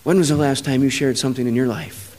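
A man preaching a sermon, telling a personal story, who swings from low, quiet stretches to loud, emphatic peaks. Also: fast.

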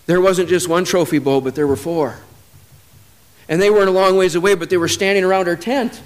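A man with a high voice preaching a sermon. He tells stories from his own life, dropping low and quiet, then building to loud, emphatic peaks. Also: steady tone, fairly quick.

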